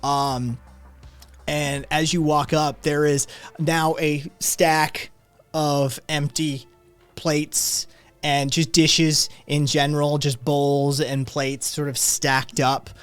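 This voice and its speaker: A man running a tabletop game, setting the scene in a slow, easygoing drawl with plenty of pauses. Light music plays underneath. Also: on the high side, smooth. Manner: unhurried, hesitant with fillers. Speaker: game master.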